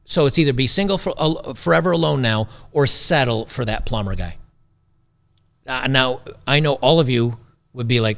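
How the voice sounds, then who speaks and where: A man's voice: medium pitch, very animated, moderate pace, a bit bright. A man hosting a talk show, giving blunt, sarcastic, rambling commentary on a video clip. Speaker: show host.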